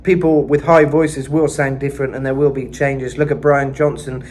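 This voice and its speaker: A man giving a casual vocal lesson, chatting about singers' tones and breaking into gritty high sung and screamed demonstrations. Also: steady tone, moderate pace, a little mellow, a little hiss or hum. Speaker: vocal coach.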